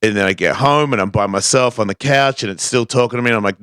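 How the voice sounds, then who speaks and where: A man's voice: on the low side, quick pace, a bit bright, clean tone, no echo, clean studio sound. A man telling a personal story on a talk show, acting out the voices he quotes. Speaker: guest skateboarder. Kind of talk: casual storytelling.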